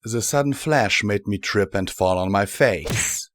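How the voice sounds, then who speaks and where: A man reading a fan-fiction audiobook in a measured, steady first-person narration. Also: on the low side, no room sound. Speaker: audiobook reader.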